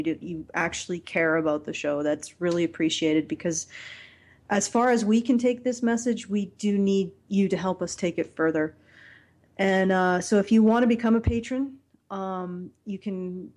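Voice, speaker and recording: A woman hosting a casual podcast chat, talking in a rambling, halting way with many fillers and restarts. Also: on the low side, a little mellow. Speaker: podcast host.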